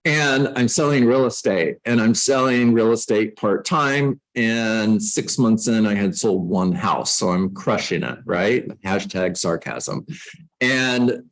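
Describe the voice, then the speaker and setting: A man's voice: on the low side, animated, slow pace, poor audio. A middle-aged man coaching real estate agents, teaching a class on a book in a conversational way, with self-mocking jokes.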